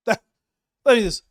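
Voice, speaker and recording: Animated man giving casual commentary. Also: no echo, studio quality. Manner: animated, laughing, emphatic repetition.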